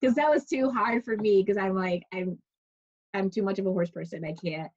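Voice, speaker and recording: A woman talks through her stories in a loose, chatty way, full of restarts and fillers and quick to laugh. Her voice sits mid-range in pitch. The recording is dull and lo-fi. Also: a little mellow. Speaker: interviewee. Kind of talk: casual storytelling conversation.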